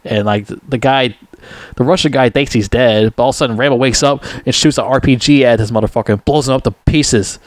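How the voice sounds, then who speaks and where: A man's voice: medium pitch, fairly quick, no echo. Brief: casual male movie reviewer, profane and rambling, heavy on fillers, dry close sound. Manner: profane, full of fillers and restarts. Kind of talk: casual rambling film recap.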